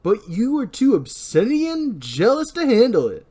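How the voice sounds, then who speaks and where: A man reading out the lines of an angry, paranoid young man in a loud, strained, raised voice. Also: big pitch swings, moderate pace. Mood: angry shouting. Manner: shouting, accusing, high-pitched strain.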